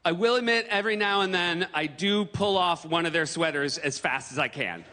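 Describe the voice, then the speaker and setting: Animated high-voiced American comedian on stage. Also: male voice, normal speed. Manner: animated, swings into loud exaggerated bursts. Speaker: stand-up comedian. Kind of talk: stand-up comedy set. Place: large theater stage. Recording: long hall reverb, audience noise.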